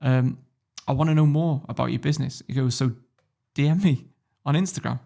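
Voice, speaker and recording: A man from Warrington with a northern English accent, telling stories as a podcast guest in a casual, animated way, swearing freely. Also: mid-range voice, a little fast, gravelly. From Warrington, England. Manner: animated storyteller, swears freely, laughs often. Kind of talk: casual interview storytelling.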